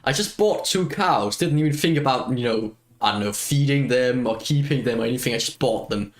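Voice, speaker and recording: A man's voice: mid-range voice, lively intonation, brisk. A man streaming a video game, chatting casually as he plays, rambling and self-mocking and laughing often. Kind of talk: casual gameplay chat.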